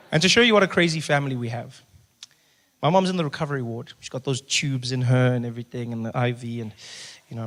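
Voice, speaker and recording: A man from Africa, performing a stand-up comedy set live on stage, telling stories and acting out other people's voices. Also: mid-range voice. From South Africa. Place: theater stage before a live audience.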